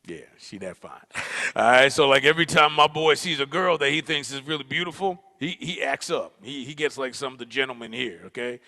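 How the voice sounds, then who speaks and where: A man from Newark, New Jersey, performing an animated, slangy comic storytelling monologue to an audience in a large auditorium. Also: mid-range voice, a little fast. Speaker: spoken-word performer. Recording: auditorium with long reverb.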